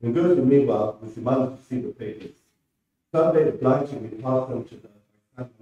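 A man, a writer, reading his prose aloud in a steady, measured way at a presentation. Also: medium pitch, muffled recording, a little hiss or hum. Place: presentation room. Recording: roomy hall from far off.

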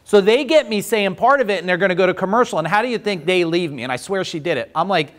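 A man who runs a business, leading a workshop and telling stories in a lively, chatty way, acting out the other people's voices. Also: high voice, fast talker, hardly any pauses. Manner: animated, chatty, acts out voices. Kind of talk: storytelling in a workshop.

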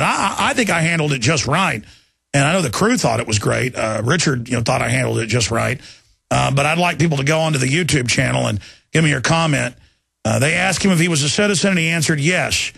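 Gravelly combative talk radio host man. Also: fairly high pitch, fairly bright tone, dry recording. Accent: Texan. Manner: combative, rapid, repeats himself. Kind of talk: talk radio monologue and call-in. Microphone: studio microphone.

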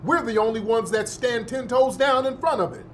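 This man's voice is extremely high-pitched and a bit bright, moving at a moderate pace as he hosts a show full of heated, indignant commentary, swearing and repeating phrases to drive points home. Born in the northern United States, he grew up in the South. There's slight background noise.

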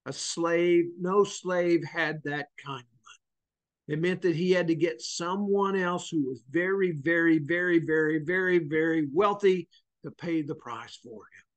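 A man's voice: on the high side, measured pace. A man leading a church Bible study class. He teaches earnestly, stretching words and repeating them for emphasis.

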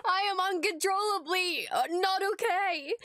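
A woman's voice: very high voice, unhurried, fairly bright tone, dry recording, clean studio sound. A woman streamer reacting to a show, gushing and breathless, swearing freely and stammering when overwhelmed. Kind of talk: excited reaction commentary.

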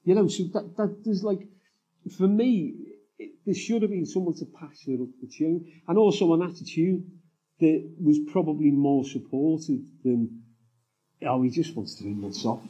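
A man with a husky, mellow voice that sits a little high, telling candid stories and wandering through them with many "you know"s. He speaks as a guest on a live event stage, and the recording sounds dull and lo-fi. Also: animated, moderate pace. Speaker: guest writer and former police officer. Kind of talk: live on-stage storytelling interview. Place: live summit stage before an audience.

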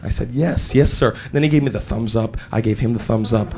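A man doing animated stand-up comedy, shouting and switching between voices. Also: on the low side, quick pace, a little hiss or hum. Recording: live club with audience laughter.

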